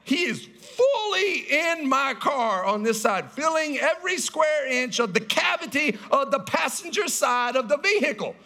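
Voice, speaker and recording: A man preaching a sermon as a pastor, telling a story loudly and animatedly, acting out the scenes. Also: extremely high pitch, big pitch swings, a little slow, hardly any pauses.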